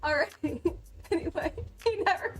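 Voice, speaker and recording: Young woman streamer, high voice, giggly and bubbly, laughs a lot, faint music behind her. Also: animated, normal speed. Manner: giggly, bubbly, laughs often between lines. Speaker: cosplay livestreamer. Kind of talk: casual livestream chat.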